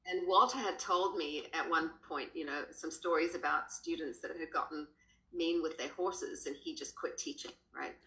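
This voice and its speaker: A woman with an Australian accent, a horse trainer, telling stories animatedly as a podcast guest. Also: moderate pace. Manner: animated, jumps up in pitch when quoting. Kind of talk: casual storytelling in a podcast. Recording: roomy echo.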